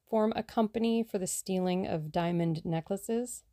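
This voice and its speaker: A woman voicing a plucky, scheming young woman adventurer in a brisk, self-assured way. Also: mid-range voice, mellow, no echo, clean studio sound, lightly acted.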